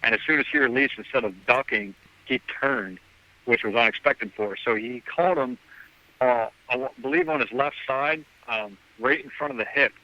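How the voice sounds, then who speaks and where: At a moderate pace and in a mid-range voice, a hunter guesting on a podcast rambles through a casual story. He acts out the dialogue using "I'm like" quotes. The audio is dull.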